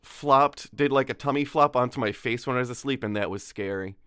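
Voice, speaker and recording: A man's voice: medium pitch, fairly quick, sharp tone, clean tone, no room sound, studio quality. A young man co-hosting a casual podcast, rambling and cutting himself off, still groggy from just waking up. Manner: rambling, self-interrupting, laughs easily. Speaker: podcast co-host. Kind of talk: casual chat.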